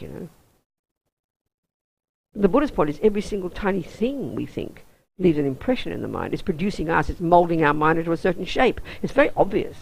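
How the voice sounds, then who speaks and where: A woman's voice: fairly low pitch, creaky, slightly rough, no room sound, rough recording. An Australian woman, a Buddhist nun, teaching a weekend course in an intense, emphatic, down-to-earth way.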